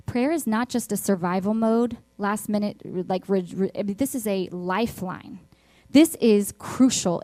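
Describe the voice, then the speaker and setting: Preaching to her online congregation, a Texas-accented woman relates personal stories with earnest repetition for emphasis. The church speaker's mellow, mid-pitched voice sounds dry and close, without any echo.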